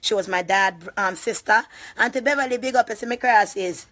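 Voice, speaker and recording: A woman with a thick Jamaican accent vents on a live stream in heavy patois, cursing as she goes. Her delivery rambles and surges into loud, laughing outbursts. Her voice sits at a middling pitch for a woman. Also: brisk. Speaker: vlogger. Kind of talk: emotional live-stream rant.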